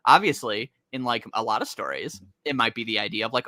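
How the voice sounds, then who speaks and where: A man chatting casually on a podcast about comics, laughing often and talking in an animated way. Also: mid-range voice, a little fast, no room sound, clean studio sound. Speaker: podcast co-host. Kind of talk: casual chat.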